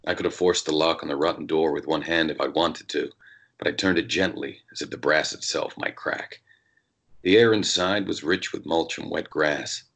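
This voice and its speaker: A man reading as a jaded, hard-drinking male noir detective in an American accent, in measured, brooding first-person narration. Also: a bass voice, gravelly, fairly bright tone, heavily acted.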